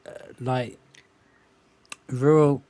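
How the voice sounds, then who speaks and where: A man from England, a guest on a podcast, talking casually with halting, stammering restarts. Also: mid-range voice, steady tone, warm tone.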